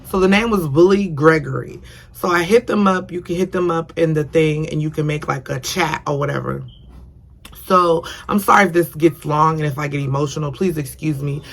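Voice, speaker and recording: A woman's voice: low voice, normal speed, gravelly. A young woman casually telling a personal story on her vlog, rambling and repeating herself, earnest and emotional. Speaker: vlogger.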